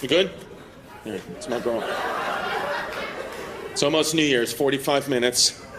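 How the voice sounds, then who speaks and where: A stand-up comedian with a mid-range, unhurried voice teases audience members through profane, brash crowd work at a live show. A room mic picks up the loud crowd, full of laughter and noise.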